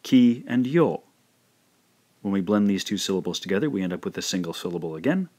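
Man slowly drilling syllables. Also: low-pitched, expressive, a little mellow. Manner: slow, careful syllable-by-syllable pronunciation drills. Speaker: language teacher. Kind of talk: scripted instructional narration.

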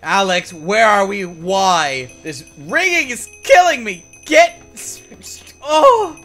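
A woman's voice: mid-range voice, very animated, slow, fairly bright tone, faint music behind. A woman giving sarcastic, exasperated commentary on her Minecraft game and complaining to her partner. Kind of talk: scripted gameplay commentary with a partner.

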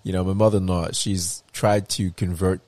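A man in his thirties chats casually on a podcast, telling animated stories and acting out the people in them. His voice sits on the low side. The sound is dry and close. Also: normal speed, no room sound. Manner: animated storyteller, mimics people in raised voices. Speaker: podcast co-host. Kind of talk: casual chat.

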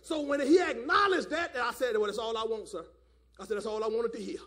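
High-voiced preacher man hollering. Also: brisk, fairly bright tone. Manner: hollering, repeats "my God, man". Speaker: elder preaching. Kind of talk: fiery Pentecostal sermon. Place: church service.

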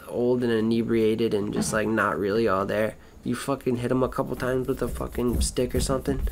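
A man's voice: mid-range voice, background noise. A man rambling through a casual monologue, swearing constantly, wandering between thoughts and trailing off mid-sentence. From Florida.

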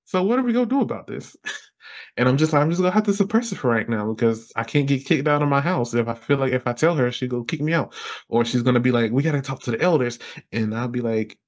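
A young man, a podcast guest telling a personal story in an animated way, laughing often and acting out his own past lines. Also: medium pitch, quick pace.

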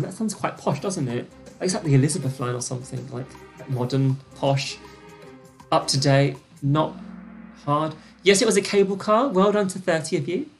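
A young British woman hosting a live-streamed trivia quiz, chatty and gossipy, with excited gasps and lots of fillers. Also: sits low. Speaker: quiz host.

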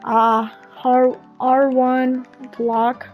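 A woman's voice: sits high, little pitch movement, drawn-out words, a little mellow, soft background music, low-quality recording. A woman gamer reading a game's storybook intro and tutorial aloud, with wry asides.

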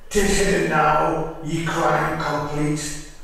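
A man voicing an old-fashioned riddling message, speaking archaic rhymes very slowly. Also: fairly high pitch, level tone, fairly bright tone. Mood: mysterious. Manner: slow archaic rhyming verse. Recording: distant echoey voice over music.

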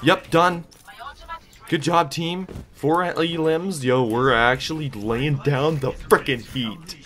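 A man's voice: on the high side, takes it slowly, fairly bright tone. A young man casually commentating his own gameplay, hyped and joking, trash-talking and laughing. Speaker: gaming YouTuber.

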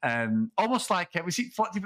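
A man's voice: high voice, sing-song, a little fast, fairly bright tone. A man chatting casually about a film on a podcast, rambling and laughing, swearing freely.

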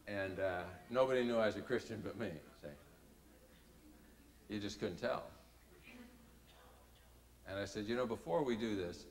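A middle-aged man preaching a sermon as a folksy, animated story, swinging between quiet asides and loud peaks. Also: fairly low pitch, slight background noise. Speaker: speaker. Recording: reverberant hall.

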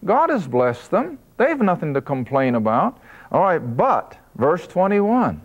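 Male Bible teacher, somewhat high voice, emphatic delivery, muffled lo-fi recording. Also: huge pitch swings, slightly rough. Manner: emphatic, slows down to stress key points. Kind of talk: Bible study lesson.

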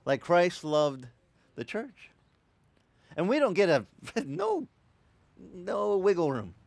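Lively, animated male pastor preaching. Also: sits high, takes it slowly, creaky, no room sound. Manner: animated storytelling with acted-out quotes. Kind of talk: sermon. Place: church.

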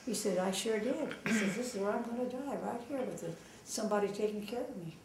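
Older woman with a gravelly voice. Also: mid-range voice, fast talker, distant mic. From Los Angeles. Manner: lively, acts out quoted dialogue with fillers. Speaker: oral history interviewee. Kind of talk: casual storytelling. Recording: echoey room, voice off-mic, faint noise.

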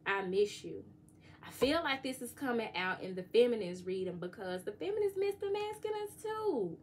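A woman, giving a casual, joking tarot reading and sometimes singing bits of songs softly. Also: high voice, very animated, brisk, slight background noise. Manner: chatty, joking, sings lyric snippets softly. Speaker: tarot reader.

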